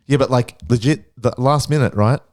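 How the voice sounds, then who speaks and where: A man in a casual podcast chat, talking in an excitable, sweary way. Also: medium pitch, brisk.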